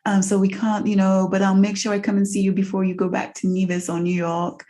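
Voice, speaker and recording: A woman's voice: mid-range voice, completely flat delivery, a little fast, warm tone, voice pushed up, natural voice. A woman doing a posh, apologetic father. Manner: polite, formal, apologetic. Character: posh, emotional middle-aged father, apologetic.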